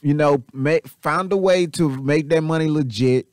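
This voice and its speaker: A man hosting casual commentary, rambling and repetitive, animated and swearing freely. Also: a little high, moderate pace, no room sound, studio quality. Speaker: channel host.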